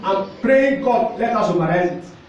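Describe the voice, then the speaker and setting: A man's voice: high-pitched, animated, normal speed. A man with a Nigerian accent preaching a sermon as pastor, exhorting and repeating phrases, slipping into pidgin. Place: church hall. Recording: echoey church hall, mic at a distance, faint ambience.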